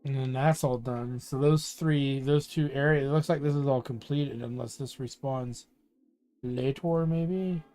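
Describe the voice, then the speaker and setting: A man's voice: medium pitch, measured pace, soft background music. Man muttering through a game. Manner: relaxed, muttering to himself while playing. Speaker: streamer. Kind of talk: casual gameplay commentary.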